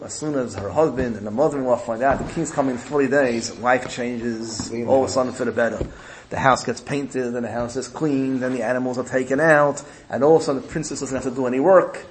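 A man's voice: medium pitch, a little hiss or hum, rough recording. A man giving a sermon, retelling a parable in a storytelling manner with repetition and rising emphasis. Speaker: religious speaker.

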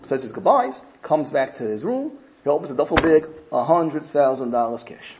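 A man's voice: a little high, normal speed, heavy background noise. A man telling a story to a group, repeating phrases as he goes. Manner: animated, repeats phrases, acts out quotes.

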